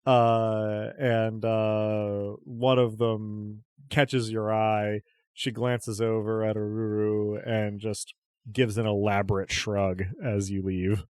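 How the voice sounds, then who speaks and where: A man narrating a tabletop game as game master, describing scenes in a relaxed way with frequent fillers. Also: fairly low pitch, slow, clear, resonant tone, no room sound, clean studio sound.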